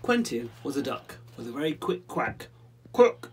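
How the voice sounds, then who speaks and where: A man's voice: medium pitch, big pitch swings, normal speed, a bit bright, faint music behind. Chatty man reading a picture book. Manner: chatty asides, self-mocking. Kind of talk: casual storybook reading. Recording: distant mic with faint background noise.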